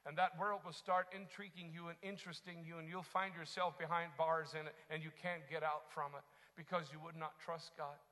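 A man preaching a sermon as pastor, moving from quiet teaching into impassioned shouting. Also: a little high, in a large hall.

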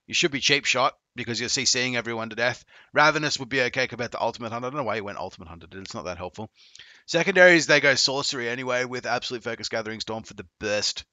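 A man's voice: medium pitch, no echo. A man coaching video games on a live stream, chatting casually, swearing and joking with viewers. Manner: profane, joking, excitable.

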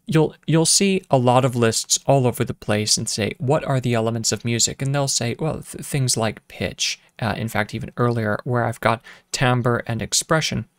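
A music teacher with a mid-range voice talks at a moderate pace with hardly any pauses, in a studio-quality recording free of room sound. His casual lesson includes keyboard demos, fillers, restarts, and rhythms hummed and counted aloud, with piano behind him.

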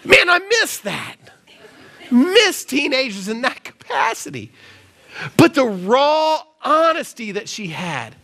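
A male pastor preaching at a live church service, his voice pitched very high for a man and swinging widely as he tells a story. The tone is bright and forward. He keeps it casual and chatty, full of everyday fillers. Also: wildly swooping pitch, slow pace, creaky. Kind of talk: sermon storytelling.

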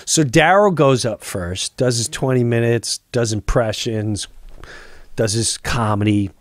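A man's voice: medium pitch, unhurried, no echo, clean studio sound. A man, a comedian, telling a long story on a podcast, acting out other people's lines and swearing freely.

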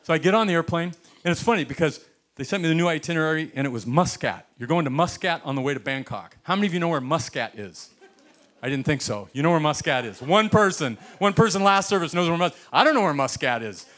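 A man from the United States, a pastor telling a story in a sermon, animated and chuckling as he acts out the people in it. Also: on the high side, fast talker. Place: church sanctuary.

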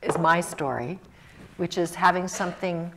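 A woman's voice: fairly low pitch, normal speed, noisy background. A woman in her sixties from Mississippi, telling stories animatedly on a college panel and acting out the voices in them. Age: 60s. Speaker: actress on a panel. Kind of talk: anecdotal storytelling. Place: college event hall.

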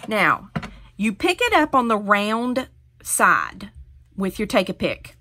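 A woman's voice: mid-range voice, very animated, slow pace, sharp tone. A middle-aged woman hosting a hands-on craft tutorial, talking viewers through each step in a chatty, encouraging way.

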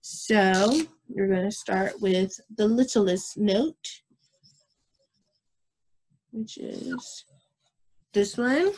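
A woman music teacher, talking young children through a recorded lesson and checking in with them often. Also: mid-range voice. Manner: slow, patient, repeats herself and checks with "okay?"; demonstrates whispering and shouting voices.

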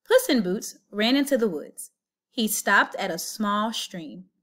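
A woman's voice: medium pitch, lively intonation, measured pace, sharp tone. Woman reading a storybook aloud. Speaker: storybook reader. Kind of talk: reading a picture book aloud.

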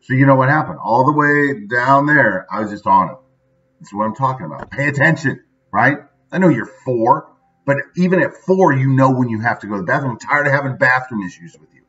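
Male vlogger, conversational, keeps checking in with "right?"; muffled low-fi audio. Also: animated, a little fast, fairly bright tone. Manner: chatty, says "right?" often. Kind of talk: casual daily video monologue.

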